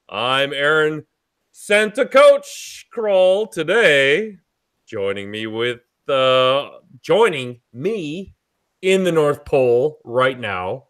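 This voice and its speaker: A man hosting a live podcast, joking loudly and swearing freely in casual chat. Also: a little high. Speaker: podcast host.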